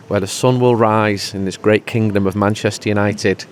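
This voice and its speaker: A man's voice: fairly low pitch, fairly even intonation, normal speed, slight background noise. A man as a regular pundit in casual podcast chat, joking and rambling before turning rousing. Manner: jokey, rambling, then rousing.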